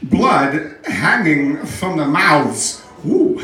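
A man doing a creepy, halting older actor. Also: a little high, big pitch swings, bright, forceful tone, very echoey, voice pushed up, exaggerated voice. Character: creepy, oddly phrased older male movie actor.

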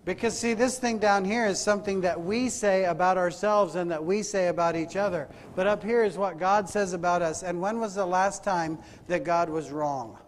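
A man's voice: sits high, normal speed, hardly any pauses. A man preaching a sermon in a church, asking the congregation rhetorical questions and calling for amens. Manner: rhetorical questions, calls for amen. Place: church sanctuary. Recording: hall reverb.

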